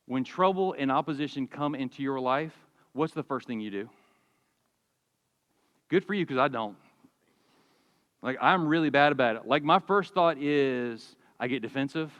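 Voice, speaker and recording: A man in his forties preaching a sermon, telling stories in a lively, conversational way with humor. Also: mid-range voice, long reverb tail. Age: 40s. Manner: animated storytelling, conversational with humor. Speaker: pastor. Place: church sanctuary.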